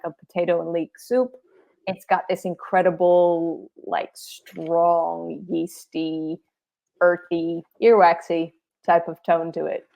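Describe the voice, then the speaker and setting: A woman with an Australian accent, a guest in a casual chat, musing wryly with drawn-out words and fillers. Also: lowish voice, vocal fry, darkish tone.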